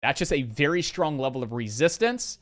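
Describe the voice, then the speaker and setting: With a mid-range, sing-song, slightly bright voice and a brisk pace, a man hosts a live day-trading stream. He answers viewers in a loose, rambling manner full of fillers, repeating key points in list form.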